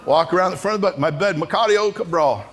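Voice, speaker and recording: A man preaches to a big hall full of young people, spinning comic stories with lots of bounce. His voice sits high for a man, and he swings from quiet, slow asides to loud shouted climaxes. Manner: animated, comic, shouts at peaks. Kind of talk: storytelling sermon. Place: large church auditorium before an audience.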